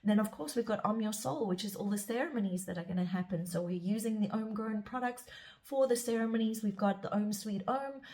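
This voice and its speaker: A woman's voice: mid-range voice, brisk, dark tone. A middle-aged woman speaking as a spiritual guide in a reflective, rambling monologue, often restarting her sentences. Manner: rambling and self-searching, with restarts. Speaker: spiritual guide and podcast host.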